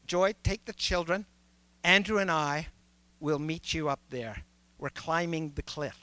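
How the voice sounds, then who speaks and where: Male preacher, middle-aged, high bright tone, unhurried storytelling, dry close sound. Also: no room sound. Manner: storytelling, drops to soft low tones then rises to preaching. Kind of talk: sermon with a personal story.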